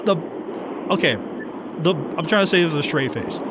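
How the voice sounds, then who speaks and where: A man hosting a sports talk radio show, chatty and joking with quick asides. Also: sits high, expressive, noisy background. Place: radio studio.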